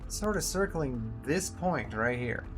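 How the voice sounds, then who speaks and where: A man giving casual commentary while playing a game, chatty and talking to himself, now and then jumping up loud and high when excited. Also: slow pace, over music. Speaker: gameplay video host.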